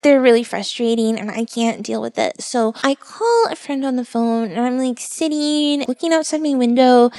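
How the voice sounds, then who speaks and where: A woman VTuber telling a true story in a casual, animated way, acting out what people said. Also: a little high, moderate pace, hardly any pauses. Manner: animated, expressive retelling with quoted dialogue.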